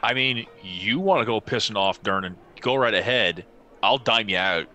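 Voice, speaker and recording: Male player, lively melodic voice, teasing, animated. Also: fairly low pitch, normal speed, dull audio, faint music behind. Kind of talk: casual tabletop play.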